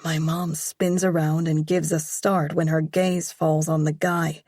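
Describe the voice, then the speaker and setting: Woman audiobook narrator, slow measured reading, husky voice, dry close sound. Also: low-pitched, level tone, darkish tone, no echo. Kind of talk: first-person romance narration.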